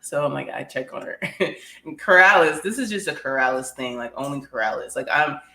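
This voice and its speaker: A woman's voice: low voice, expressive, brisk, sharp tone. A young woman co-hosting a podcast, telling a story in a laid-back way with laughs and some swearing. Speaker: podcast co-host. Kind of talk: casual chat. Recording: echoey room.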